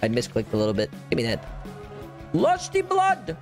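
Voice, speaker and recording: A man hosting a gaming channel, giving live gameplay commentary at home with a cat on his lap. He is hyper and excitable, jumps from squeals to low mutters, and teases himself playfully as he plays. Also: racing, music in the background. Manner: playful self-teasing chatter.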